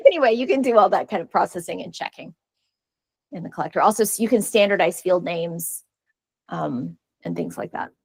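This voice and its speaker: A woman's voice: fairly low pitch, expressive, a little fast, vocal fry, darkish tone, husky, no echo. Chatty woman giving a tech talk. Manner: casual, chatty, frequent fillers and restarts. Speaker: conference speaker. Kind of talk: technical presentation. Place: meeting room.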